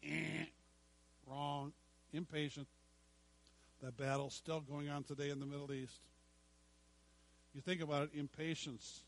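A middle-aged male pastor preaching a sermon, slowing down to stress scripture and dropping to quiet asides. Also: fairly high pitch, flat delivery, creaky, rough recording. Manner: emphatic preaching, slows to stress scripture, drops to hushed asides.

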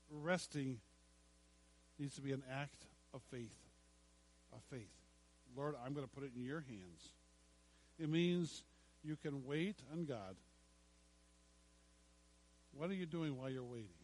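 A middle-aged man preaching from the pulpit in a voice pitched a bit high for a man. He leans hard on the scripture, stretching key words out slowly. Then he drops to soft, low asides. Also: poor audio. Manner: emphatic preaching, slows to stress scripture, drops to hushed asides. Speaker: pastor. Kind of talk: sermon.

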